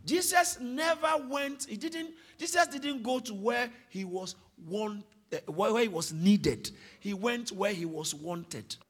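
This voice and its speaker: A male pastor delivering a sermon in a high, lively voice that leaps around in pitch. His tone is bright with a husky edge. He drops to soft explanations, then rises to shouted calls that his congregation answer aloud. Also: unhurried, hardly any pauses. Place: church hall with congregation.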